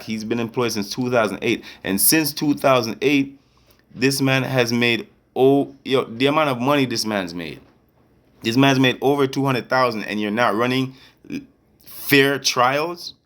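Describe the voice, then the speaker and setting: A man's voice: medium pitch, fairly bright tone. A man in an angry, confrontational rant to camera as a vlogger, repeatedly checking that listeners follow him. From Canada. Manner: confrontational, repeats "you get me".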